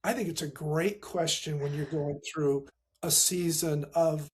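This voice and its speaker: A middle-aged man, a pastor and grief specialist, telling a painful personal story as a guest, acting out the dialogue and dropping to a soft voice at the hardest moments. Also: a little high, fairly even intonation, unhurried. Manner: earnest, acts out quoted dialogue, voice drops soft at painful moments.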